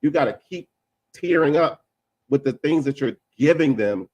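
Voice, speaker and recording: A man's voice: a little high, expressive, a little mellow, no room sound, dull audio. Emphatic man in casual talk. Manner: emphatic, repeats himself, quick asides. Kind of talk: casual discussion.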